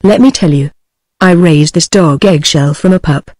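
A woman's voice: low-pitched, normal speed, no echo, studio quality. Skiddy, a nervous tipsy young man, read by a synthetic British woman. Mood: rambling. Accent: British English. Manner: flat synthetic delivery. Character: nervous, tipsy young man rambling about his dog.

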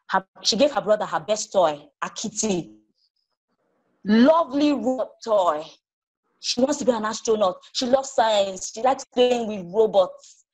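A woman author reading her story aloud to children, animated and stopping to ask them questions. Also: medium pitch, slightly rough, poor audio.

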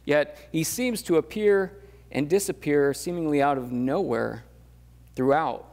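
A man's voice: fairly high pitch, unhurried, a little mellow. Man preaching in a reverberant church hall. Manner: conversational preaching with fillers, rising to emphatic questions. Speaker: pastor. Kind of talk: sermon. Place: church sanctuary.

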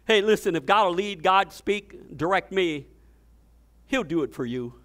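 A man's voice: sits high, lively intonation, unhurried, a bit bright. A male pastor preaching a fervent storytelling sermon, often repeating and restarting his words.

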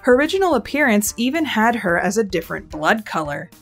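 A woman's voice: fairly high pitch, big pitch swings, a little fast. A woman narrating a scripted fan lore video, with wry, lightly sarcastic asides. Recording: soft background music.

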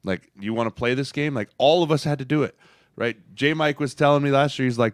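A man's voice: medium pitch, brisk, no room sound, studio quality. A man co-hosting a football podcast, a former lineman turned agent, telling stories in casual chat and acting out the voices he quotes. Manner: animated storyteller, acts out quoted voices.

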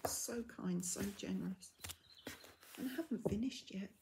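A middle-aged woman in a casual unboxing vlog, gushing and often dropping into soft half-whispers as she reads out labels. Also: mid-range voice, normal speed, creaky, a little hiss or hum. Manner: reads out yarn labels in a steady list. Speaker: craft vlogger.

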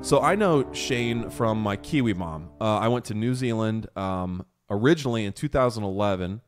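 A young American podcast host with a lowish, expressive voice tells a story in a casual chat at a moderate pace, animatedly acting out the quotes. Faint music plays behind him.

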